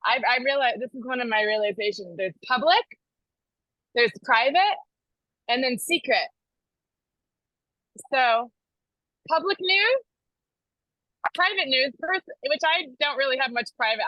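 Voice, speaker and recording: A woman's voice: fairly high pitch, bright, forceful tone, no echo, poor audio. An American woman sharing devotional news in a casual, chatty way, laughing often and correcting herself as she goes. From United States.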